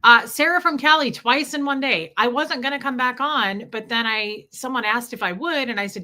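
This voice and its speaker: A woman's voice: fairly high pitch, a little fast, hardly any pauses, sharp tone. A woman hosting a casual livestream, greeting viewers by name one after another. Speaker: livestream host.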